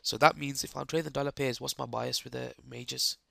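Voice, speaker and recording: A man with a hoarse, croaky voice giving live trading commentary, explaining chart steps and checking that the viewers follow. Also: mid-range voice, steady tone, fairly quick, sharp tone, no echo, clean studio sound. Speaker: trading streamer.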